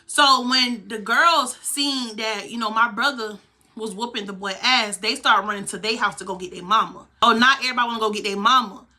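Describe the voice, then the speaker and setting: A woman's voice: a little high, a little fast, bright, forceful tone. A young woman vlogger telling a heated, profane story from her own life. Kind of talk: storytime vlog.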